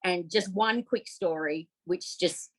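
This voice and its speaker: Heartfelt Australian woman, lower voice. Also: slow, poor audio. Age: middle-aged. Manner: heartfelt, animated, many fillers. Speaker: podcast guest, op shop owner. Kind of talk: casual interview storytelling.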